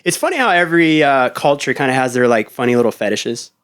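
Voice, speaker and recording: Smooth-voiced laid-back male podcast host. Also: medium pitch, very animated, fast talker, fairly bright tone. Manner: laid-back, swears freely. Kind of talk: casual chat.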